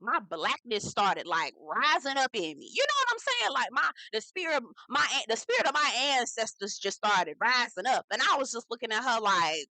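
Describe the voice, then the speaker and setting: A woman's voice: fairly high pitch, sing-song, moderate pace, few pauses, bright, forceful tone, no room sound, rough recording. A young woman, hosting a casual, chatty reality TV recap and slipping into the cast's voices. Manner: chatty, sassy, slangy storyteller acting out quotes.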